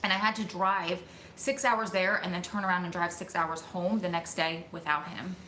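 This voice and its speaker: Woman vlogging, bright voice a bit low, excited and emotional, echoey room. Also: a little hiss or hum. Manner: excited, emotional, talks fast in bursts. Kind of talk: casual storytelling to camera.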